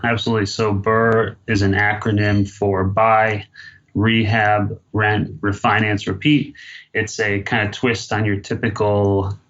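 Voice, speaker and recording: A man answering interview questions in a low voice, measured and explanatory, leaning on filler phrases. The sound is dull and lo-fi, like a remote connection. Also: level tone, a bit bright. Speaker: guest, real estate investor.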